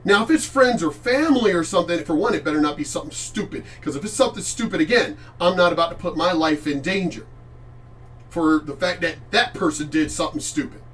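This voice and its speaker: A middle-aged man gives casual reaction commentary in a high voice, blunt and full of swearing. He rambles and restarts his sentences. He sits some distance from the mic. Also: expressive, a little fast, fairly bright tone, a little hiss or hum. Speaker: channel host reacting to clips.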